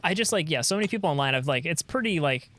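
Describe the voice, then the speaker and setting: A man's voice: a little high, very fast, a little hiss or hum. A man co-hosting a podcast, talking casually and rambling with lots of fillers and restarts. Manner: rambling, many likes and restarts, animated. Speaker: podcast co-host. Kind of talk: casual chat.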